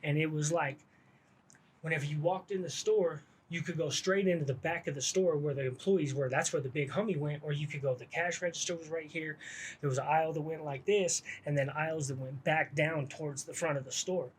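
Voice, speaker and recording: A man's voice: fairly high pitch, fairly quick, a little hiss or hum. A middle-aged man telling a rambling story about his past, full of street slang and restarts. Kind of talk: casual storytelling.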